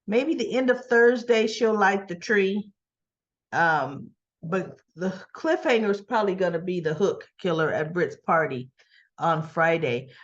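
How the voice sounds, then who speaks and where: A chatty woman retells the day's soap scenes, slipping into each character's lines as she goes. Her voice sits at an ordinary middle pitch. The recording sounds a little dull and lo-fi, like a home setup. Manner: acts out characters' lines in quick quoted bits, chatty, laughs often. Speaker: soap opera recap vlogger. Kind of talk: casual episode recap, retelling scenes.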